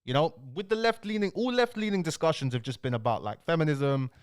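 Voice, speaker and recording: A young man hosts a casual commentary rant, animated and slangy as he presses his points. His voice sits a little above the usual male range. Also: fairly high pitch, fast, clean tone. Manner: animated, ranting, fills lines with "bro" and "bruv". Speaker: commentary channel host. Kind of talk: casual political rant to camera.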